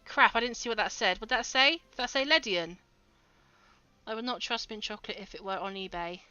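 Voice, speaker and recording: A woman's voice: on the high side, brisk, bright, forceful tone, clean tone, dry recording, dull audio, soft background music. A woman streaming a game, chatting casually with her viewers and laughing often. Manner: giggly, chatty, talks to chat. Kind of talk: casual livestream commentary.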